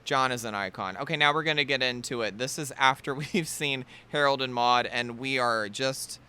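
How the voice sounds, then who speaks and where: Bright-voiced emotional male podcast host. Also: mid-range voice, normal speed, clean tone. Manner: emotional, laughing, expressive. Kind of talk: casual chat.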